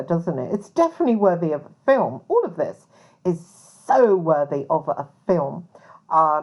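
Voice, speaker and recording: Her voice sits on the low side and the highs are cut off. She's a private investigator chatting to camera in a loose, rambling style, full of fillers and side comments.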